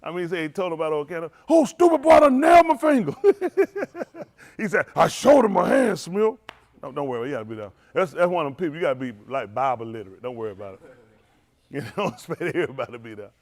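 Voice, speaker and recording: Animated teasing preacher with a lilt. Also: male voice, a little high, racing. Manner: playful teasing, laughing often. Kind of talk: loose joking banter with a congregation. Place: synagogue hall, livestream.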